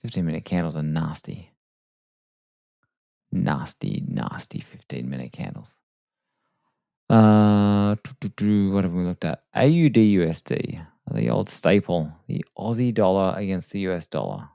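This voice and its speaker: A man hosting a live trading stream late at night, talking quietly and casually with self-deprecating asides. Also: sits low, expressive, a little slow, vocal fry, no room sound. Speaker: trading livestream host. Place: home desk at night. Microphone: desk microphone.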